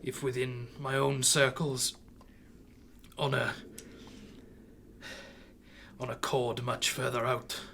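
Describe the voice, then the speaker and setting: A frail old man, as a game master puts him on, murmuring low and measured in a tabletop game. He speaks at a middling pitch over a faint hiss in the background. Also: flat delivery, creaky, sharp tone, full character voice. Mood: evasive.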